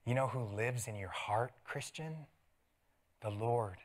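A middle-aged man preaching a sermon as pastor, telling stories with laughs and dropping to soft asides. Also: medium pitch, a little slow. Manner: animated storytelling with laughs and sudden soft asides. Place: church sanctuary.

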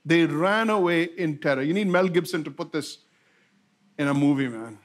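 A man delivering a sermon in a fairly high voice. He repeats his key lines for emphasis and fires rhetorical questions at the congregation, mixing fast and slowed-down phrases as he drives his point home. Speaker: pastor.

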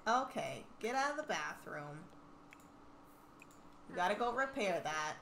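Young woman, gameplay commentary, lively pitch, teasing chatter, echoey room, faint background hiss. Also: unhurried. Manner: chatty, talks to game characters, teasing. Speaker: gaming channel host.

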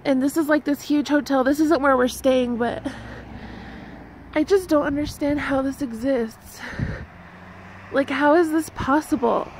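A young woman talks to her camera outdoors, tearful and overwhelmed, laughing through her crying. Her voice sits high, with a gravelly fry at the ends of her words, and her speech gushes out in short bursts. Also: a little slow, long pauses, darkish tone, a little hiss or hum. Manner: gushing, breathless, laughing through tears. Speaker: vlogger. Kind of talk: emotional casual vlog. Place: outdoors at a roadside scenic spot.

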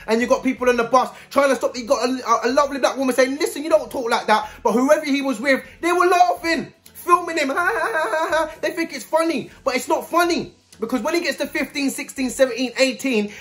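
A man's voice: extremely high pitch, a bit bright. A man giving a blunt, scolding video commentary full of street slang.

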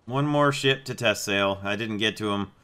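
Male game host, casual chatty commentary, bright edge to the voice. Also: lowish voice, normal speed, clean tone. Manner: chatty, amused, puts on mock accents for jokes. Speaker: gameplay video host.

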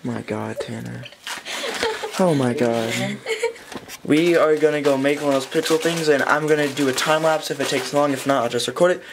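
A man's voice: medium pitch, steady tone, normal speed, gravelly. Rambling young male vlogger, noisy windy audio. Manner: rambling, keeps saying "anyways". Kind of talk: casual vlog chat to camera. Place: partly outdoors in wind. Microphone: handheld camera.

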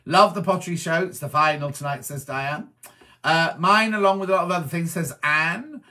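A middle-aged man from Wiltshire in England, chatting as a presenter as he reads out viewer messages and answers each one with quick asides. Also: fairly high pitch, pushed and bright. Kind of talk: casual chat reading viewer comments.

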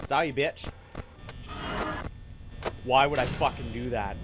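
A young man playing a horror game and commenting, excitable, swearing at it, yelping and trash-talking. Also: mid-range voice, moderate pace, pauses often. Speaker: gaming YouTuber. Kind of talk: let's play commentary. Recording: game music loud behind voice. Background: game music.

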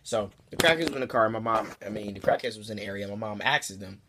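A young man telling a comedic story to the camera in a casual, profane, rambling way, sometimes jumping into high squeaky voices for the people in it. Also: fairly even intonation, quick pace, few pauses, pushed and bright, a little hiss or hum. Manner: profane, rambling asides to the viewer. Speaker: storytime vlogger.

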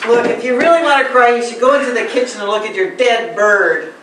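A woman's voice: on the high side, brisk, natural voice. A woman playing a blunt, wisecracking friend in an amateur stage comedy. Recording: echoey hall, far off, noisy.

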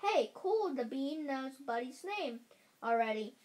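Eager, earnest boy in a kids' storybook, voiced by the woman reading; high and unhurried. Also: expressive, a little mellow.

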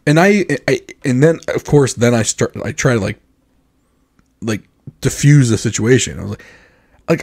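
American guy on a podcast, kinda husky, gets animated telling stories. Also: mid-range voice, normal speed, pauses often. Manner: animated storyteller, acts out others' reactions. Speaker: podcast co-host. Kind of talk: casual chat.

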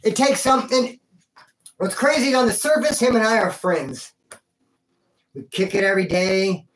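A man's voice: high voice, moderate pace, fairly bright tone. A man telling a rambling personal story in a casual, slangy way, calling the listener dude and bro. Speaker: vlogger telling a prison and life story.

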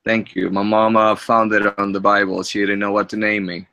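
A man with a low voice and a bright, forceful tone asks a question in a session. He thanks the speaker again and again. The recording is dry with no room sound. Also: little pitch movement, moderate pace, no room sound. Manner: grateful, repeats his thanks. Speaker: participant asking a question. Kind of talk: casual conversation.

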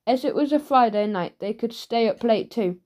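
A woman reads a children's audiobook aloud. Her storytelling is lively and clear. Her voice sits a little high for a woman. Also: moderate pace. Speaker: audiobook narrator.

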